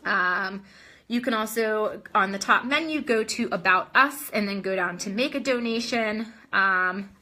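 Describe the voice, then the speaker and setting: A young adult woman with a sharp, mid-range voice hosts a casual live video chat. She answers viewer comments in a chatty style full of ums and restarts, sounding a little short of breath.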